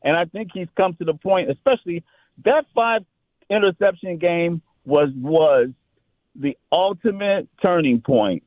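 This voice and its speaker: A man's voice: on the high side, no room sound. A man calling in to a sports radio show, talking emphatically and repeating words as he builds his point. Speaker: caller. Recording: tinny phone line.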